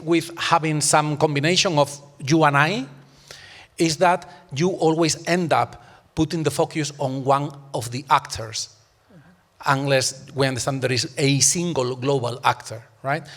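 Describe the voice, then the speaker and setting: A man's voice: a little high, fairly bright tone. Emphatic man arguing in a reverberant hall. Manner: emphatic, argumentative, uses rhetorical questions. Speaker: panel discussant. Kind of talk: academic panel discussion.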